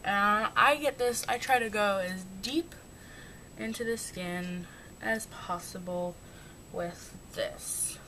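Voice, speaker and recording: A young woman talks through her everyday makeup routine in a loose, rambling way, poking fun at herself as she goes. The home recording carries a clear background hiss with a low rumble. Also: takes it slowly, bright, forceful tone, rough recording. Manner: chatty, rambling, self-mocking. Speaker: beauty vlogger. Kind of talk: casual makeup tutorial chat.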